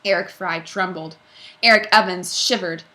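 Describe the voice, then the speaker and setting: Expressive woman reading a children's storybook. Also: on the low side, normal speed. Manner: expressive, with character voices. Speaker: reader. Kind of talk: storybook read-aloud.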